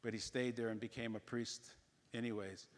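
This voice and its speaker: In a church with a big-room sound, a man gives a parish mission talk, telling a story animatedly and acting out the voices of its characters. He speaks at a medium pitch and a moderate pace.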